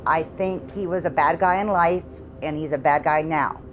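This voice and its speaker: A middle-aged woman telling an interviewer about her haunted house at home, in halting, earnest speech that repeats words. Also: low voice, background noise. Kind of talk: emotional interview testimony.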